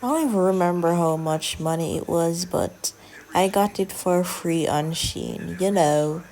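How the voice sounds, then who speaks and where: A young woman chatting casually in a soft, often half-whispered drawl as she narrates a hair-braiding tutorial. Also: on the low side, measured pace. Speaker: hair vlogger.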